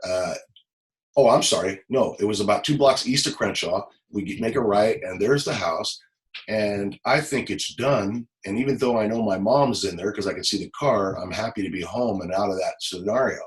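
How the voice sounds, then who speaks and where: A middle-aged man from Los Angeles, a former police officer, telling a personal story in an interview, halting and repeating words, close to tears. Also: fairly low pitch, low-quality recording.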